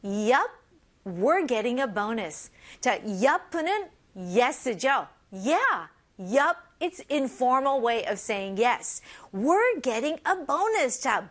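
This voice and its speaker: Lively high-voiced woman English teacher. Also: unhurried. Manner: upbeat, expressive, switches between English and Korean. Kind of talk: bilingual language lesson.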